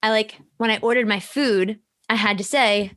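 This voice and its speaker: A woman's voice: mid-range voice, fairly even intonation, moderate pace, fairly bright tone. A young woman hosting a podcast, talking candidly in casual chat, full of fillers and the odd swear. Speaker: podcast host.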